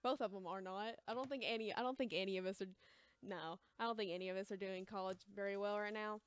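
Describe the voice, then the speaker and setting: A woman's voice: mid-range voice, fairly even intonation, fast talker, smooth, no room sound. Young American woman, shy rambling livestream seller, clean voice, dry close sound. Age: young adult. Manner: hesitant, rambling, says she is quiet and awkward. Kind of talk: casual livestream chat. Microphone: close mic, chewing gum.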